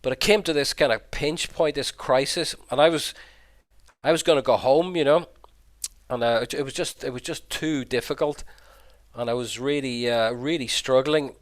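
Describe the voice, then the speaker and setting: A man's voice: mid-range voice, moderate pace. A middle-aged Irish man, a priest, telling a personal story over slides on a video call in an earnest, reflective way, often repeating words. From Ireland. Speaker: Jesuit priest and pilgrim guide giving a talk.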